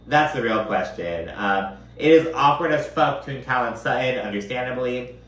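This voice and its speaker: A man's voice: medium pitch, normal speed, fairly bright tone. A man giving a casual, profane recap of a reality TV episode, chatty and full of filler words. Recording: roomy, mic at a distance.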